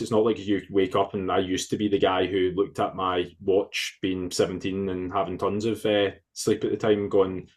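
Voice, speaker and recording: A man co-hosting a fitness podcast in casual chat, explaining things with loose restarts and the odd swear word, recorded over a remote call. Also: lowish voice. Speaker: podcast co-host, fitness coach.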